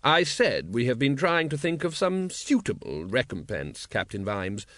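A man voicing a cool, aristocratic male city ruler who speaks slowly with a smooth, polite drawl. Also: medium pitch, very animated, a bit bright, dry recording.

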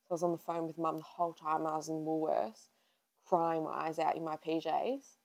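A woman's voice: deep voice, steady tone, a little fast, gravelly, darkish tone, a little hiss or hum, poor audio. A woman in her twenties, co-hosting a podcast in casual chat and telling a personal story in a chatty way, acting out her own past lines. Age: 20s. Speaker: podcast co-host.

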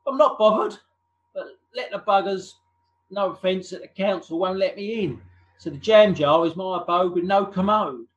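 A rough, down-on-his-luck cockney skinhead, played by a man who trades crude, cheeky banter in a high voice. The sound is dull and lo-fi, like a video call. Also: moderate pace, close to an everyday voice. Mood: rueful. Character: rough working-class male skinhead, down on his luck, blunt.

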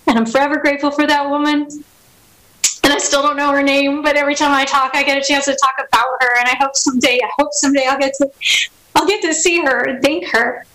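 High-voiced woman telling her story. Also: flat delivery, fairly bright tone, rough recording. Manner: halting and emotional, with frequent restarts; acts out remembered dialogue. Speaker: speaker sharing her recovery story. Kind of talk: personal testimony talk.

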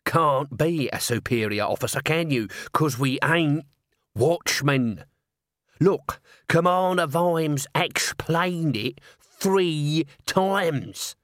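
A man's voice: fairly high pitch, slow, a bit bright, no echo, clean studio sound, voice pushed up. A man voicing a shifty, small-time city watchman who talks in a cheeky, nervous, wheedling way. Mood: grumbling.

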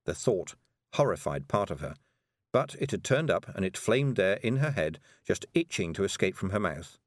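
A man narrating a children's fantasy novel in an expressive, measured storytelling voice. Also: low voice, no room sound, studio quality. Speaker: audiobook narrator. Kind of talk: scripted narration.

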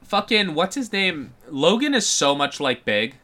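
A woman's voice: lowish voice, unhurried. A woman co-hosting a podcast in casual chat, chiming in often and swearing freely. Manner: lively, chimes in, swears. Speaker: podcast co-host.

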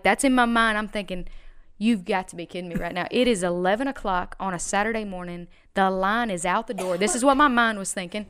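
A woman with a very smooth, resonant voice tells a personal story as a podcast guest. She rambles and restarts often, then leans hard on key words. Her pitch sits mid-range for a woman. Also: a bit bright. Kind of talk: casual podcast chat.

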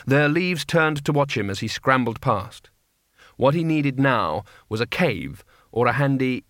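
Brief: male audiobook narrator, mid pitch, dry close sound. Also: lively intonation, unhurried, a bit bright, no echo. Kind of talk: scripted narration.

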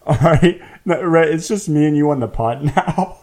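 A man's voice: on the high side, normal speed, a little mellow. A young man hosting a casual podcast, joking with dry asides. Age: young adult. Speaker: podcast host. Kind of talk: casual chat.

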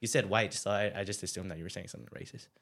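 A man's voice: deep voice, very fast, vocal fry, over a noisy crowd. A young man telling stories in a casual chat with friends, slangy and laid-back, laughing often. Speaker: podcast co-host.

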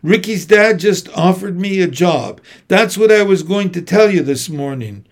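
A man's voice: high-pitched, animated, unhurried, voice pushed up, exaggerated voice. A man reading an audiobook, voicing a worried and stern mother with tense, scolding questions. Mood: upset. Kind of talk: audiobook character voice.

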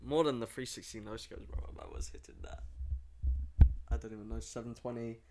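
A man's voice: mid-range voice, fairly even intonation, brisk, heavy background noise. A young man co-hosting a casual podcast, laid-back and crude, swearing freely. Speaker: podcast co-host. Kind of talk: casual joking podcast chat.

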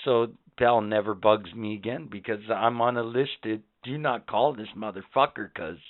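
A man's voice: fairly low pitch, moderate pace, dry recording. A man co-hosting a casual podcast chat, telling stories in an angry, profane rant. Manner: profane, ranting storyteller. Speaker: podcast co-host. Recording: tinny phone-like sound.

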